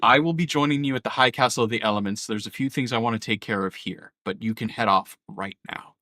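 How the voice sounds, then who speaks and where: A man puts on a grave matriarch for a live tabletop game, handing out urgent, stern orders. Her tone is bright and clear, and the sound is dry and close. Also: medium pitch, quick pace, no echo, natural voice. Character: grave matriarch leader, mother of a household.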